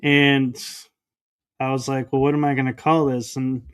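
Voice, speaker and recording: A man guest on a podcast, telling a personal story in a casual, animated way and acting out the dialogue he quotes. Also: medium pitch, moderate pace, smooth.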